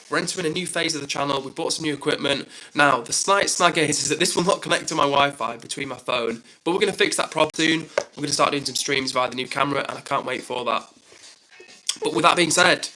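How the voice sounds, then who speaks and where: A man's voice: on the high side, pushed and bright, poor audio. A young man hosting his own live stream, chatting casually and reading out viewer comments in an upbeat, self-deprecating way.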